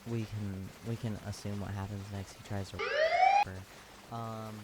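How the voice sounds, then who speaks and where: A man's voice: on the low side, little pitch movement, a little slow. Crude, slangy ranting man, noisy room. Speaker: youtuber recapping an anime. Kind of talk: comedic ranting recap.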